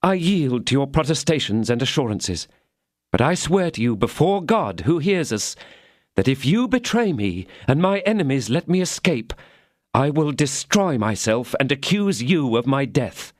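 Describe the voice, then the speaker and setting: A woman's voice: very deep voice, very animated, normal speed, no echo, studio quality, pitched above the performer's own voice, full character voice. A man voicing a frightened, urgent young woman. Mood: solemn. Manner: pleading, breathless urgency. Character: anxious young woman, loyal and fearful.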